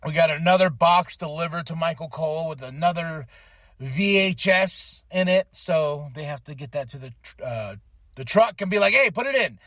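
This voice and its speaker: A man with a somewhat high voice recaps wrestling in a loose, opinionated podcast chat. He keeps slipping into quick acted-out quotes. The sound is dry and close, with no room at all. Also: fairly bright tone, dry recording. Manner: chatty, opinionated, acts out quotes. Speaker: podcast host.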